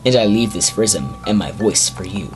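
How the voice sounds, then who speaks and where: A heartfelt young male colt Pokemon, its video game voice pitched a little low and earnest, as a man puts it on. It speaks with solemn sincerity as if leaving a message for a future adventurer. Loud game music plays underneath. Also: expressive, moderate pace, lightly acted, low-quality recording.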